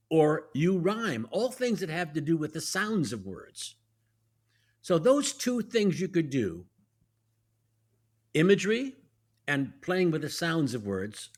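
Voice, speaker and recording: A man who is a guest actor and professor, explaining verse in a teacherly way, step by step, in a podcast conversation. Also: fairly high pitch. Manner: teacherly, lively, walks through examples step by step.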